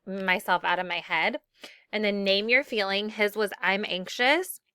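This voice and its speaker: A woman's voice: mid-range voice, pushed and bright, smooth, dry recording, studio quality. A woman teacher leading a classroom lesson for children, upbeat and acting out example phrases.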